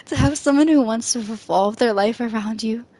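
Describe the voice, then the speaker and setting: A woman's voice: fairly high pitch, normal speed, dark tone, natural voice. A woman voicing an obsessive lovestruck schoolgirl from a game, reading the lines fervently and pleadingly. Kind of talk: reading game dialogue aloud.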